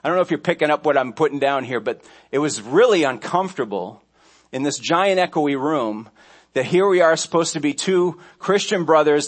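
Man preaching with a conversational storytelling style. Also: fairly high pitch. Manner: conversational storytelling, with frequent restarts and asides. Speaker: pastor. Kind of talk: sermon.

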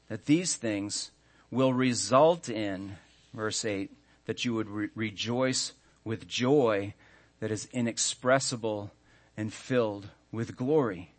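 A pastor in his thirties preaches earnestly in a fairly low voice, stressing key words and slowing down whenever he reads scripture.

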